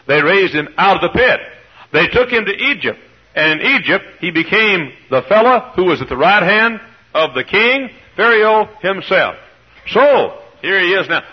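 Man preaching, kinda husky, acts out the bible story, muffled old tape sound. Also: high voice. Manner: animated storytelling, voices quoted characters. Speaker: pastor. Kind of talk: children's Bible story sermon with acting out. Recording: dull lo-fi old sermon recording.

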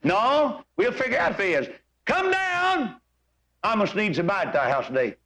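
A man's voice: sits high, big pitch swings, brisk, fairly bright tone, full character voice. A man voicing Jesus in a retold Bible story, declaiming in archaic words. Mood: calling. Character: Jesus calling, commanding and kind.

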